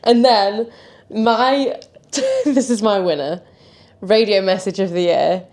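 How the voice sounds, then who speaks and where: Woman host, chatty and giggly, average pitch, casual podcast talk. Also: takes it slowly, darkish tone. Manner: giggly, laughs often between points. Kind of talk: casual chat.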